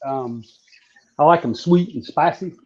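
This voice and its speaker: A man from southeastern Virginia, chatting casually while demonstrating how to fry catfish. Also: on the high side, measured pace. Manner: folksy, relaxed, drawling. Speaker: cooking guest. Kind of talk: casual cooking demo on a live stream. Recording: dull lo-fi stream audio.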